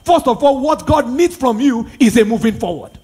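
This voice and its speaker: High-pitched husky Nigerian preacher man. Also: animated, normal speed, darkish tone. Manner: emphatic, repetitive preaching with rhetorical questions. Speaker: pastor. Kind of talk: sermon.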